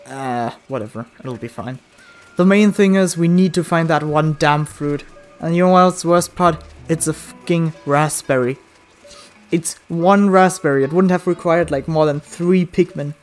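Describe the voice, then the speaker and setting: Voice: mid-range voice, normal speed, faint music behind. Foul-mouthed let's play gamer. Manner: swears a lot, yells at the game, then mutters.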